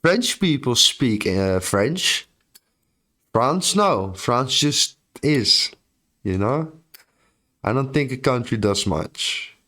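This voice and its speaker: A man's voice: medium pitch, lively intonation, slow pace, bright, forceful tone. A European man streaming live, chatting casually and joking with his viewers in a laid-back, drawling way.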